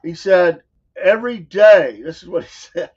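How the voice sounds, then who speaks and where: A man's voice: fairly high pitch, level tone, moderate pace, a little mellow, lo-fi sound. Fired-up Southern man hosting talk radio. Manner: emphatic, combative, laughs at his own jokes. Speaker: morning show host. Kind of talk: opinionated talk show monologue.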